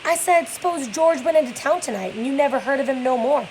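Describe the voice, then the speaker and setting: A woman's voice: high-pitched, expressive, fairly quick, a little mellow, slight background noise, pitched above the performer's own voice, low-quality recording. A woman reading the lines of a weary, bitter middle-aged male stable hand in a plain read-aloud voice. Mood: taunting.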